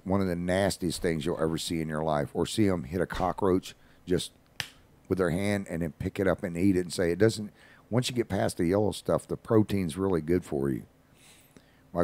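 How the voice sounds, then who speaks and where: A man's voice: low voice, a little mellow. A man, a regular on a radio show, telling rambling stories in casual talk with folksy asides.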